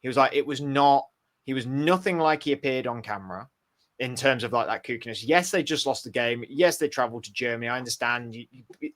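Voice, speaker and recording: Male co-host, bright voice, loose and rambling. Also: medium pitch, fairly quick. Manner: rambling, thinks aloud with restarts. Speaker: podcast co-host. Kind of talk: casual chat.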